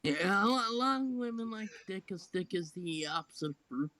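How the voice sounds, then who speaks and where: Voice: medium pitch, expressive, a little fast, a crowd in the background. A co-host in a casual gaming chat, easygoing and agreeable, adding bits of trivia. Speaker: podcast co-host.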